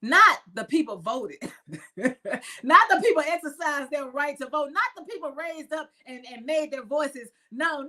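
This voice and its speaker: A reverend from the United States hosting a spiritual talk show, speaking emphatically in repeated lists and laughing often. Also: female voice, high voice, animated, moderate pace, pushed and bright. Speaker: reverend and podcast host.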